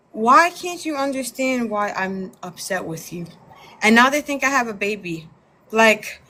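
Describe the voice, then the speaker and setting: A woman on a casual live discussion panel, telling a story in an animated, exasperated way. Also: a little high.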